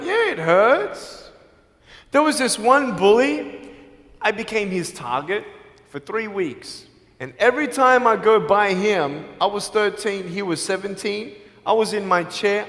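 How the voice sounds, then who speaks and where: A man giving an earnest, personal inspirational speech to a live audience, mixing in quick jokes. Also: high-pitched, a bit bright. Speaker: motivational speaker. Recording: echoey hall with long reverb.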